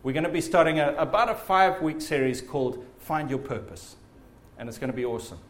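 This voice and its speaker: Man, preacher, sermon, earnest, animated, highish voice, swooping intonation. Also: quick pace.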